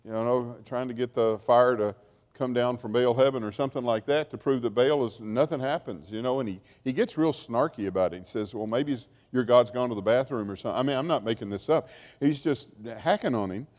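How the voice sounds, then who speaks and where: A man's voice: mid-range voice, brisk, darkish tone. A man teaching a Bible class, telling the story in a chatty, wry way with asides. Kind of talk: informal lecture storytelling. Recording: long hall reverb.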